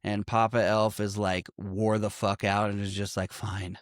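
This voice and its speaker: A man co-hosting a casual movie-review podcast, swearing freely, laughing often and trailing off quietly. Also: lowish voice, little pitch movement, moderate pace, clean tone, dry recording, clean studio sound. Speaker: podcast co-host.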